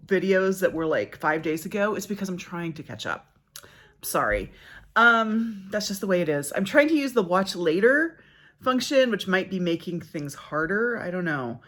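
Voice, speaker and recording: A middle-aged woman talks through her week in a casual book vlog, rambling and cutting herself off as she goes. Her voice sits low yet swings widely in pitch. She laughs at herself while she talks. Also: a bit bright. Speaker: book vlogger. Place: backyard outdoors.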